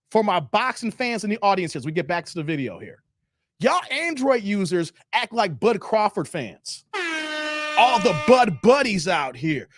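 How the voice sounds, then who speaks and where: A man's voice: sits high, fairly bright tone, no room sound, clean studio sound. A man hosting a casual livestream, reading viewer comments and teasing them playfully with slang. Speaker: livestream host.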